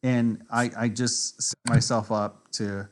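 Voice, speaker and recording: Slow-talking, foul-mouthed tipsy man. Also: mid-range voice, level tone, slight background noise. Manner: profane trash-talking, rambling and self-mocking. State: tipsy from drinks. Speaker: chess streamer. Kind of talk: casual live-stream commentary.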